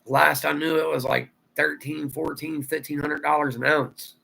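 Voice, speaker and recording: A man's voice: fairly high pitch, flat delivery, moderate pace, creaky, pushed and bright, poor audio. A man from Ohio with a Southern drawl, rambling through a casual livestream chat and answering viewer comments aloud. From Ohio, USA. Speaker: livestream host.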